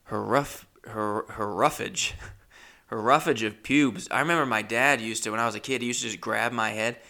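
A man's voice: on the low side, normal speed, creaky, bright, forceful tone. A man telling a rambling, awkward, self-deprecating comic story with many restarts. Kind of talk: stand-up storytelling.

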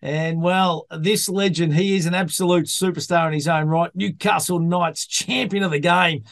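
A chatty Australian man hosts a casual sports chat, his voice sitting a little high. He tells yarns and calls everyone mate. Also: steady tone, normal speed, creaky, no room sound. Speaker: podcast host.

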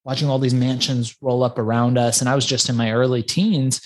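A man's voice: medium pitch, fairly quick. Iran-born man telling his story. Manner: animated storyteller with frequent restarts. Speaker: podcast guest. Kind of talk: casual interview storytelling.

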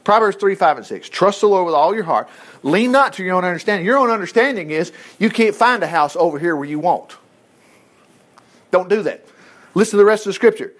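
Brisk and high-voiced, a man gives an animated, homespun sermon in a conversational style, repeatedly breaking off to voice the exchanges from scripture himself.

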